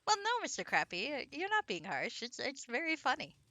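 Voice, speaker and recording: A woman's voice: sits high, wildly swooping pitch, normal speed, bright, forceful tone. A woman game streamer chatting casually and giggling while she plays. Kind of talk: casual live-stream commentary.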